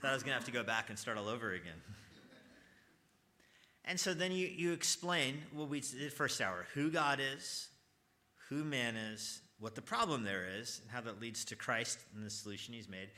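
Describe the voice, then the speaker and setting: A man's voice: medium pitch, lively intonation, moderate pace, sharp tone. A man teaching an evangelism class at church, talking conversationally, quizzing his students and stressing key points earnestly.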